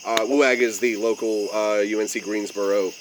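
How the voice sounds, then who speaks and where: A man's voice: lowish voice, moderate pace. Laid-back young man hosting a podcast. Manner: easygoing, laughs often, many fillers. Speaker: podcast host. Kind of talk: casual chat. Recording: steady background noise.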